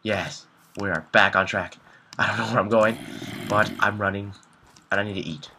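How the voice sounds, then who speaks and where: A man's voice: lowish voice, fairly even intonation, normal speed, noisy background. A young man commentating his own video game play, panicky and talking to himself, repeating words in frantic bursts. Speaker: gameplay commentator. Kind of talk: live gameplay commentary.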